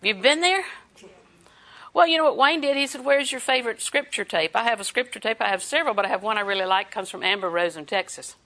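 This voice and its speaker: A woman's voice: on the high side, quick pace, sharp tone. An older woman preaching a sermon in a folksy, chatty way, laughing often.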